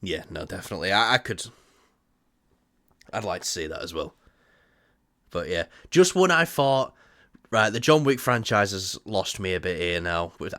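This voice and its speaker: Excitable, swearing man, dry sound. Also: lowish voice, no room sound. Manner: excitable, swears freely, laughs often. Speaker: movie news podcast co-host. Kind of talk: casual chat.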